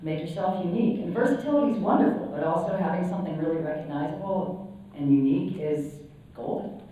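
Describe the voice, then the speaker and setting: A woman's voice: fairly low pitch, brisk, slight background noise. A woman, a voice actor on a convention panel, talking in a candid, easygoing way. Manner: candid, easygoing, lively intonation. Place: large convention hall. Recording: distant, muffled, echoey hall recording.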